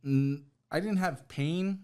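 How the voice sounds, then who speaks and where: A man's voice: on the high side, takes it slowly, darkish tone, clear, resonant tone. A man, a podcast guest telling a personal story in casual conversation, often asking "right?" and saying "bro". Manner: conversational, retells with quoted dialogue, fillers like "right?" and "bro".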